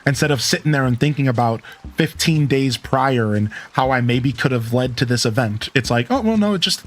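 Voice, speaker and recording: A man's voice: medium pitch, steady tone, moderate pace, slight background noise. A man streaming a game, chatting casually in a rambling, self-interrupting, reflective way. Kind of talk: casual gameplay stream chat.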